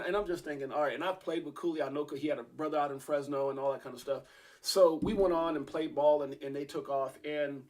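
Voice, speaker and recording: A man's voice: fairly high pitch, darkish tone. A man hosting an interview, telling a long rambling story with many restarts and fillers. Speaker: podcast host.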